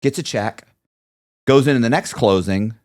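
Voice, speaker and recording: A man's voice: mid-range voice, normal speed. A man telling a long story as a podcast guest, acting out the people he quotes. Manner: lively storyteller who acts out the people he quotes. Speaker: interview guest.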